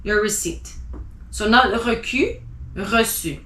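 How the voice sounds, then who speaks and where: A woman teaching a language class who spells out letters and repeats example words slowly and deliberately. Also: fairly high pitch, animated, bright, forceful tone. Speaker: French teacher. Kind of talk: slow pronunciation lesson. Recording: echoey room.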